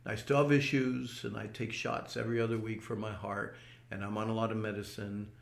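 A man's voice: on the low side, little pitch movement, fairly quick, gravelly, echoey room. An older man earnestly recounting a personal experience in an interview, often restarting his words. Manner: earnest storytelling with repeated restarts. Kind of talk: personal testimony.

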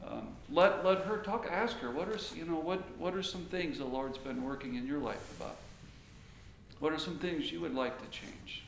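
A middle-aged man preaches in a relaxed, conversational way, slipping into quick acted-out snippets of dialogue. His voice sits a little high for a man. The sound is roomy, with faint ambient noise behind him. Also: creaky. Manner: animated, acts out quoted dialogue. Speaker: pastor teaching on marriage. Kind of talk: conversational sermon.

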